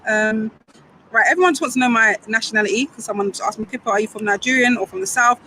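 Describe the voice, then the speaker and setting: A woman's voice: fairly high pitch, fast, pushed and bright, slight background noise, low-quality recording. A young woman from the Caribbean, reading viewers' comments on a live stream outdoors and answering them with playful banter. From Grenada and Saint Vincent. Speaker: football fan streamer. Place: outdoors near a football stadium.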